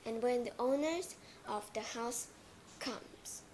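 Taking it slowly in a slightly high voice, a woman teaches learners basic English with playful acted-out scenes and sound effects. Heavy background noise runs under the recording.

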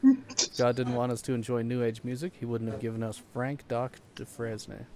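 A man's voice: medium pitch, expressive, moderate pace, crowd noise. Joking man reading cards at game night. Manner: joking, razzing friends. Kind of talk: casual chat, reading cards aloud.

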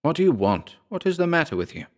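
A man voicing a hearty, jovial young male friend in a horror audiobook, bluff and brisk in manner. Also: a little high, sing-song, voice pushed up. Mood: teasing.

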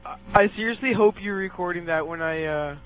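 A man's voice: high-pitched, a little fast, rough recording. A young man on voice chat in a game, giggling and teasing a friend. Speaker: gaming friend. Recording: voice chat over game music.

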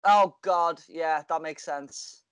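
A man's voice: fairly high pitch, takes it slowly, clear, resonant tone, dry recording. A man co-hosting a podcast, chatting casually over a video call and telling stories with frequent laughter. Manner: chatty storyteller, laughs often. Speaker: podcast co-host. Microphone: video call mic.

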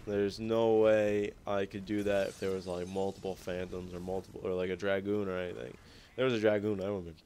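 A man's voice: low-pitched, level tone, brisk, darkish tone, slight background noise. A young man giving rambling gameplay commentary over a recorded match, swearing often and mocking his own play.

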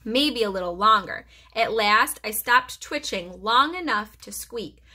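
A woman preschool teacher reading a children's chapter book aloud for her class. Her voice is bright and a little high, telling the story expressively. She trips over a word now and then and corrects herself. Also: a little slow. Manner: expressive storytelling with occasional stumbles.

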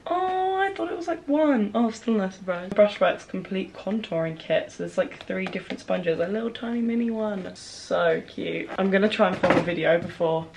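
A young woman in her twenties talking casually to camera, excitable and emotional, fast and breathless. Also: lowish voice, gravelly, noisy background. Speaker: vlogger. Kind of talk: casual vlog talk.

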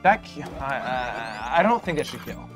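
A man's voice: mid-range voice, very animated, normal speed, over music. A man hosting a stream, chatting casually with a playful, teasing manner. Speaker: streamer host. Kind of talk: casual gaming chat.

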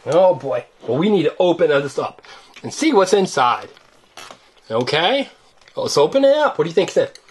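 A slightly rough, low female voice moves at a moderate pace as she hosts a toy-unboxing clip. Opening surprise eggs with a child, she keeps up animated, teasing, sing-song banter.

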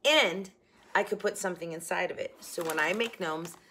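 A middle-aged woman chats through a homemade craft vlog in her kitchen, rambling and correcting herself as she goes. Her voice is bright and forward, sitting a little low for a woman, and now and then it drifts farther from the camera. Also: moderate pace, a little hiss or hum. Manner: rambling, animated, self-correcting. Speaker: crafting channel host. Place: home kitchen.

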